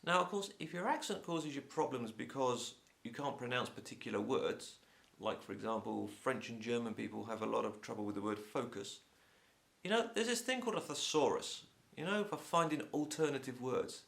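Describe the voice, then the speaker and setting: An Englishman with a Home Counties accent teaches English in a casual, opinionated chat to camera. His voice carries a gravelly crackle at a middling pitch. He has a sore throat and a blocked nose. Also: moderate pace. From England. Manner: chatty, opinionated, lively.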